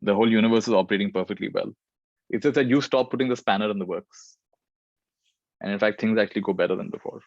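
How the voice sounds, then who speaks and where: A man's voice: lowish voice, quick pace, no room sound, lo-fi sound. A man giving a spiritual talk and answering questions, reflective and repeating phrases for emphasis. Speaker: spiritual teacher.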